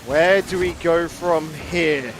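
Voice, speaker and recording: A man commentating a live esports match, quick to exclaim over big plays and replays, on a headset mic. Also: a little high, soft background music.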